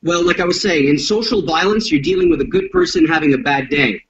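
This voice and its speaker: A man's voice: high voice, wildly swooping pitch, brisk, creaky, fairly bright tone, slight background noise. A man speaking as a self-defense instructor in an interview, blunt and profane, acting out street confrontations as he explains violence. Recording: dull lo-fi audio.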